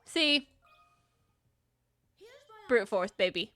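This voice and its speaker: A woman's voice: high voice, sing-song, slow pace, over music. A woman streaming a live game playthrough, making playful asides.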